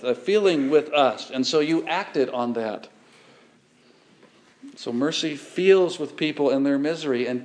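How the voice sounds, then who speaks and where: A pastor, preaching an earnest, measured sermon and reading scripture aloud. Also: male voice, mid-range voice.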